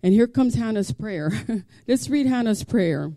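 A male pastor preaching a sermon, reading scripture aloud and breaking into passionate, shouted exhortation. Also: high voice, expressive, measured pace, no echo. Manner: impassioned, builds to shouting.

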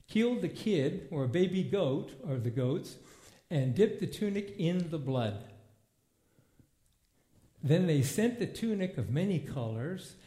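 Animated male preacher in an echoey hall. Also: on the high side. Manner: animated, acts out movie scenes in voices. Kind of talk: informal Bible teaching. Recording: echoey room.

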